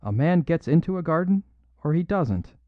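A man's voice: fairly high pitch, sing-song, normal speed, dry recording, pitched above the performer's own voice. A man reading an audiobook, voicing an impatient, rationalist doctor who questions sharply. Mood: exasperated. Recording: dull lo-fi dry recording.

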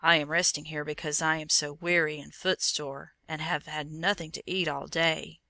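A woman voicing a sly male demon disguised as a pilgrim, speaking softly in a harsh voice made gentle. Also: deep voice, level tone, normal speed, creaky, no echo, full character voice. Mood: wheedling. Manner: harsh voice forced gentle, wheedling.

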